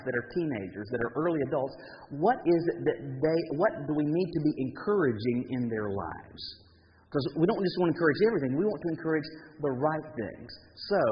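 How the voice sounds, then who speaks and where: A man's voice: on the high side, in a large hall, highs cut off, a little hiss or hum. A man preaching a sermon as pastor, telling humorous stories in a folksy way with many fillers and repeats. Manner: folksy, humorous storytelling with frequent fillers and repetition. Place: church sanctuary.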